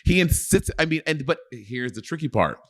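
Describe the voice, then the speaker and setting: A man's voice: on the high side, expressive, normal speed, voice pushed up. A man playing a brash, crude actor in an improvised interview bit, boastful and outrageous.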